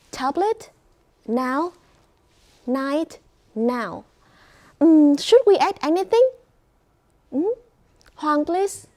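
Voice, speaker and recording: A woman English teacher with a Vietnamese accent, running a class and guiding her students slowly and clearly with encouragement. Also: high-pitched, warm tone.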